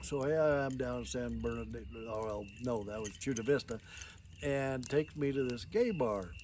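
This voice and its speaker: A man's voice: mid-range voice, moderate pace, a little mellow, a little hiss or hum. An older man telling a story in a casual, rambling, folksy way, with frequent chuckles.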